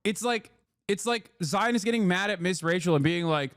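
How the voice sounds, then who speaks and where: A man hosting a stream, giving casual, sarcastic, animated commentary with some cursing. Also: high voice, moderate pace, no room sound, studio quality. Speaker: streamer host.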